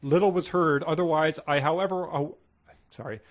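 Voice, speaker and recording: A male podcast co-host in his 30s, a dry jokester, riffs casually on a book and reads passages aloud with wry, mock-dramatic gravity. His voice is fairly high with fairly even intonation and a moderate pace.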